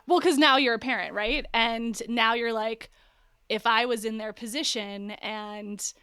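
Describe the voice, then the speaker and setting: A woman's voice: mid-range voice, bright, forceful tone, dry recording. Thirties woman podcast host, conversational and affirming, dry close mic. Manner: affirming, quick to agree. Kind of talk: casual interview conversation.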